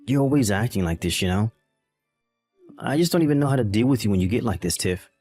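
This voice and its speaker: A man's voice: on the low side, expressive, fast talker, darkish tone, soft background music. A man playing a callous young husband in a dramatized text-message story, exasperated and blaming. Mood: dismissive.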